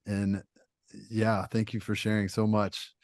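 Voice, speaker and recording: A man's voice: on the low side, level tone, unhurried, a little mellow, no room sound, studio quality. A man hosting a video call meeting, thanking a guest in an appreciative, encouraging way. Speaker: meeting host.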